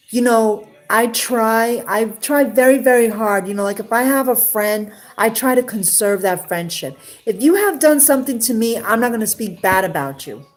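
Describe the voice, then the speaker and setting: A woman telling a personal story to live viewers in a casual, emotional, rambling way, full of restarts and fillers. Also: a little high. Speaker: livestream host.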